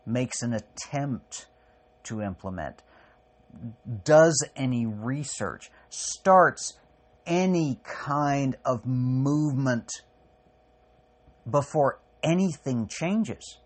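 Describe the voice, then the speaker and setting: A man speaks a personal essay at an extremely slow, halting pace, leaving long pauses between phrases. His voice sits at an ordinary middle pitch, and his delivery is raw and blunt, with swearing. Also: expressive. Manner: raw and profane. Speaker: podcast host.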